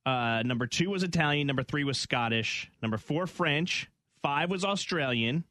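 A man's voice: on the high side, lively intonation, moderate pace, bright, forceful tone, no echo, clean studio sound. A man hosting a morning radio show, bantering and reading out a countdown list. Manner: playful, reads out lists. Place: radio studio.

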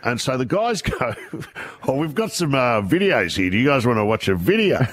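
A man's voice: medium pitch, very animated, moderate pace, fairly bright tone, a little hiss or hum. A middle-aged Australian man telling funny anecdotes in casual chat, laughing through his punchlines. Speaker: radio show guest.

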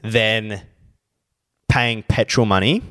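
Young co-host, lowish voice, blunt and laid-back, swears freely. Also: male voice, fairly even intonation, takes it slowly, fairly bright tone. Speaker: podcast co-host. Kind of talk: casual chat.

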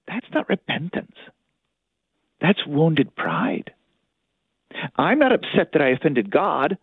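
A man's voice: fairly high pitch, very animated, slow, pauses often, husky, no echo. A priest speaks earnestly on a radio call-in show, his voice rising and falling with lots of life. He acts out inner thoughts to drive a point home. The sound comes through dry and thin, like a phone line. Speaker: priest, spiritual director. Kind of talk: catholic radio talk.

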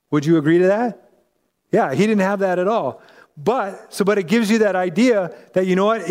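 A pastor delivers a sermon, teaching from the Bible in an emphatic yet conversational style and repeatedly checking in with his listeners. His voice is high-pitched and a little mellow, and it echoes through a large hall.

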